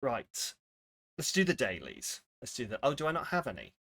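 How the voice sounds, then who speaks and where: A man's voice: medium pitch, wildly swooping pitch, normal speed, fairly bright tone. A man streaming live, chatting casually with his viewers and swearing freely while he plays word games. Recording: faint music behind.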